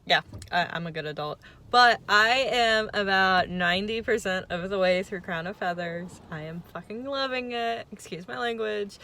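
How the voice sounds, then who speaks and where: Speaking at a moderate pace with medium pitch and a bright, forceful tone, this young woman vlogs casually about what she read this week. The book vlogger is talkative, pokes fun at herself, and drops the occasional swear word.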